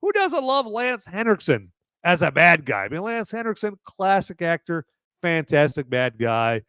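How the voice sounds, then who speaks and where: A man's voice: high-pitched, huge pitch swings, normal speed, a bit bright, clear, resonant tone, dry recording. A man hosting a live movie review podcast, rambling casually with many fillers and swearing. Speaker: podcast host.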